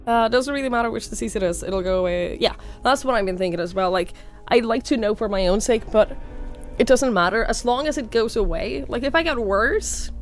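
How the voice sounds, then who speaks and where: A young woman from Norway with a slight Norwegian accent, speaking hoarsely while sick, chatting casually on a live stream and thanking viewers by name. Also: on the high side, fairly quick, soft background music. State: hoarse, sick with a sore throat.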